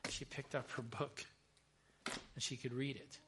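A man, a chaplain, telling a story in a sermon, earnest and repeating words as he builds to bursts of excitement. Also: medium pitch, a little slow, background noise. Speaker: chaplain preaching.

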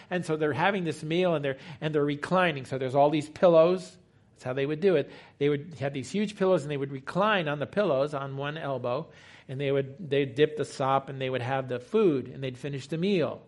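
A man's voice: medium pitch, moderate pace. A man preaching a teaching sermon in a conversational, explanatory way, asking rhetorical questions.

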